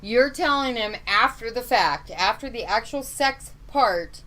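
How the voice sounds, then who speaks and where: A woman co-hosting a podcast, joking and firing off quick replies in casual chat. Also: a little high, lively intonation, bright, forceful tone, rough recording. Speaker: podcast co-host.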